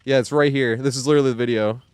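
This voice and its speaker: A man in his thirties from the New York area rambles to a live stream audience. He laughs often and swears freely, keeping his voice at an ordinary middle pitch. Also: steady tone, racing, darkish tone, slight background noise. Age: 30s. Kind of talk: casual live-stream chat.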